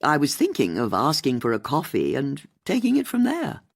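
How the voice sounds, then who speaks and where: A brisk, sensible older woman, as the audiobook narrator puts her on, cheerful and coaxing. The voice is husky and swings widely in pitch. It sounds like an audiobook character line. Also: wildly swooping pitch, full character voice.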